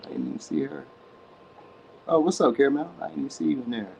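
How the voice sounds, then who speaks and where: A man's voice: medium pitch, sing-song, quick pace, creaky, warm tone, a little hiss or hum, rough recording. A man hosting a live tarot reading, chatting loosely with viewers in slang and saying "you know what I mean" a lot. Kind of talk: casual live-stream chat.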